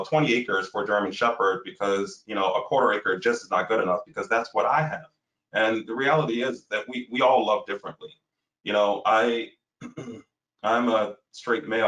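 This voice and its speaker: A man's voice: on the low side, a bit bright. A man speaking earnestly as a guest on a discussion panel, searching for words with many restarts and fillers. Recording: roomy, distant from the mic.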